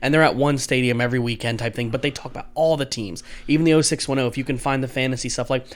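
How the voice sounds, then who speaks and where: A young man co-hosting a casual sports show, talking fast and loose. He slips into little acted-out quotes and slang while riffing on the games. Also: mid-range voice. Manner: animated, slangy, acts out quotes. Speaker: podcast co-host.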